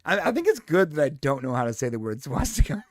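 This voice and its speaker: Lively, playful man on a podcast. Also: on the high side, fast, dry recording, studio quality. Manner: playful, laughs often, rambling asides. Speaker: podcast co-host. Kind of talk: casual chat.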